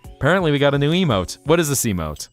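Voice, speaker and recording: A man streaming live, chatting casually in a rambling, animated way, often laughing and thanking viewers. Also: a little high, fast talker, soft background music.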